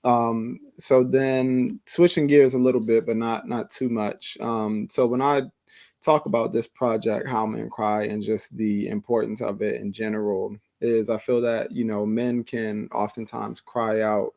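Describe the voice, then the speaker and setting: Low, even-voiced male podcast host. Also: gravelly, no room sound. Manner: measured, thoughtful, many fillers. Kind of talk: casual interview.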